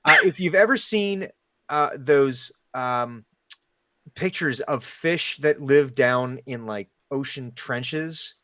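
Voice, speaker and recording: A man with a Delaware Valley accent narrates a tabletop adventure as dungeon master, circling back and restarting his sentences as he goes. His pitch sits at an ordinary middle height. The recording is dry and close. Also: slow pace, fairly bright tone, no room sound. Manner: rambling, laughing often, many restarts.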